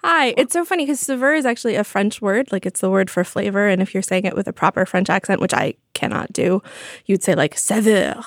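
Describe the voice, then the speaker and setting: A woman's voice: medium pitch, fast talker, hardly any pauses, no echo, studio quality. A woman guest on a podcast, a food writer, chatting and telling anecdotes with a lot of "like". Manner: chatty, storytelling, lots of "like". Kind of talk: casual chat. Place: studio.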